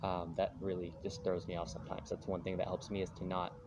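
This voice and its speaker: A man's voice: deep voice, monotone, fast, background noise. A man vlogging, telling a rambling, casual story and slipping into voices for the people in it. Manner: rambling, breaks into quoted voices.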